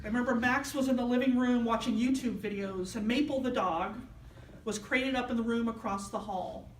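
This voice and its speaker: A woman minister gives a sermon in a church sanctuary, recounting a personal story and acting out the voices of the people in it. Her voice is a little high and moderately paced, captured by a distant mic in an echoey hall with a little hiss or hum.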